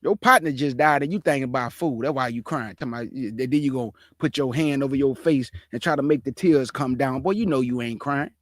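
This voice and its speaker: A man hosting a reaction show, scolding and mocking a clip in loud, lively commentary. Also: mid-range voice, fairly quick, hardly any pauses, dry recording, studio quality.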